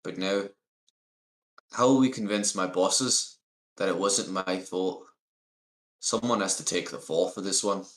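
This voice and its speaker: A man's voice: sits low, a little slow, pauses often, a bit bright. A man voicing a wary, scheming male employer with a put-on Scottish accent, speaking bluntly in a roomy space. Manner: blunt, dismissive. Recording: roomy echo.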